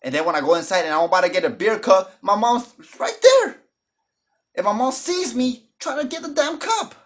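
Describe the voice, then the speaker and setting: A man telling a storytime vlog in a casual, jokey way. He is animated and keeps acting out the voices of the people in his story. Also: high-pitched, moderate pace. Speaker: storytime vlogger.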